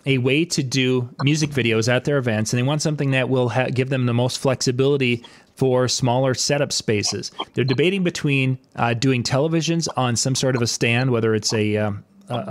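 A man's voice: medium pitch, fairly even intonation, normal speed. A man hosting a casual interview, asking long questions that restart and wander. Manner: rambling, restarts his questions.

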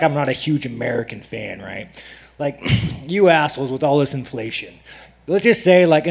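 A man's voice: mid-range voice, darkish tone. A man, a professional fighter, giving unfiltered, profane, rambling answers and mocking reporters at a media day. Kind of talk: unfiltered press conference answers. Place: crowded media day press room.

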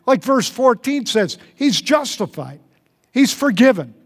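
A man preaching a sermon as pastor, earnest, repeating phrases and dropping softly for prayers. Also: sing-song, a little slow. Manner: earnest, repeats phrases, drops to soft low tones for prayers. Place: large church hall. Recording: long hall reverb.

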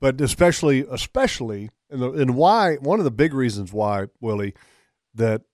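A man's voice: medium pitch, very animated, moderate pace, darkish tone, no echo, studio quality. A man co-hosting a casual outdoors talk show, arguing his point with mock seriousness. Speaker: radio show co-host. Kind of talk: casual banter among friends.

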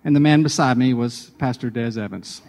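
A man's voice: medium pitch, brisk, creaky, darkish tone, slight background noise. Reverberant man telling a devotional story. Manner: chatty, personal anecdotes building to a sermon point. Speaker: radio devotional host.

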